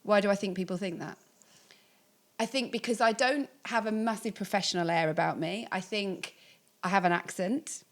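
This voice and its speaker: A woman's voice: medium pitch, normal speed. A woman with a Birmingham accent who hosts a podcast and asks questions in a candid, reflective way with hesitant restarts. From Birmingham, England. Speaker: podcast host. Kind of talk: conversational interview.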